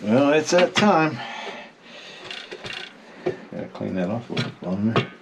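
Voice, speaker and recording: A man's voice: mid-range voice, sing-song, a little slow, creaky, heavy background noise. Folksy DIY guy narrating outdoor work. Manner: folksy, wry and self-deprecating, talks to viewers mid-task. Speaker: DIY home restoration vlogger. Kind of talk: casual narration while working. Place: outdoors at a house and well house, digging.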